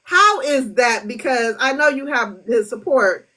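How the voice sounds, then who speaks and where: Woman podcast host, bright edge, fairly high voice, playful slangy chat. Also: expressive, a little slow, poor audio.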